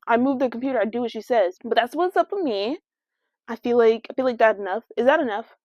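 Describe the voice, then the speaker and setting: A woman's voice: fairly high pitch, quick pace, no room sound. Brash, sassy young woman podcaster. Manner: brash, sassy, slangy and animated. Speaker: podcast host. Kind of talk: casual solo podcast rant. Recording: dry, dull lo-fi sound.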